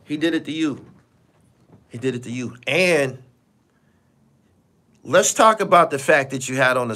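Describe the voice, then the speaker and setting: A man's voice: medium pitch, gravelly, bright, forceful tone. A man hosting a live stream, talking bluntly and profanely and repeating himself for emphasis. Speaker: podcast host. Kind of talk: casual live-stream commentary.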